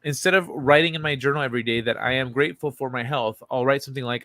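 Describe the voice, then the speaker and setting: A male streamer talks through articles and viewer messages in a loose, unpolished way, with restarts and casual cursing along the way. His voice sits at an ordinary middle pitch for a man. The recording is close and dry, with no room echo. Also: quick pace, hardly any pauses, a bit bright. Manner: loose and conversational, casual swearing, frequent fillers and restarts. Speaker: livestream host. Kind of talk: casual livestream chat, reading articles and chat aloud.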